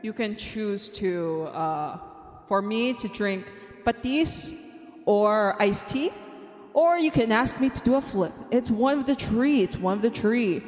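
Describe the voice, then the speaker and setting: Young woman streamer, chatty, giggly, mid pitch, long reverb, faint music behind. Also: animated, a little slow, a little mellow. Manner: bubbly and chatty, counts aloud, giggles often. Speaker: art streamer. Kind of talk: casual live-stream chat.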